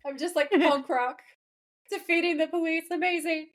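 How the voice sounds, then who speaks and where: A woman co-hosting a podcast, recapping a TV episode in casual, animated chat full of laughs and "like" fillers. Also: very high-pitched, brisk. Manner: animated, giggly, frequent "like" fillers. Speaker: podcast co-host.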